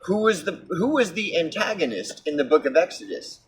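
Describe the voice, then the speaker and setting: A man's voice: on the high side, sing-song, a little fast. A man delivering a heated, sarcastic and profane ranting monologue, full of fillers like "like" and "you know.". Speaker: vlogger. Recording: distant mic with faint background hiss.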